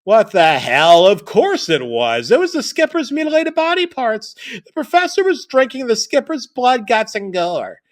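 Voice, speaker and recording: A man's voice: extremely high pitch, huge pitch swings, normal speed. A man narrating a comedic horror-parody story with crude, rambling, self-deprecating jokes.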